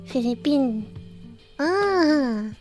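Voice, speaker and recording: A woman's voice: sits high, expressive, drawn-out words, darkish tone, faint music behind. A woman streaming a game and chatting casually, giggling often as she greets viewers one by one. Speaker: VTuber streamer. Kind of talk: casual livestream chat.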